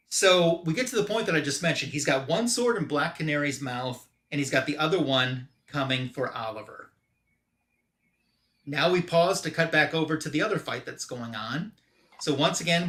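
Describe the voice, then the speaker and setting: Male host, bright forceful tone, casual comic recap with loose paraphrased quotes. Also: a little high. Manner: retells the story loosely with quick paraphrased quotes. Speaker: comic book podcast host.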